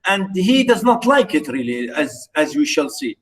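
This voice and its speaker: A middle-aged man whose first language is Arabic, lecturing a literature class online, talking haltingly with many fillers and repeated words. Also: fairly high pitch, big pitch swings, low-quality recording.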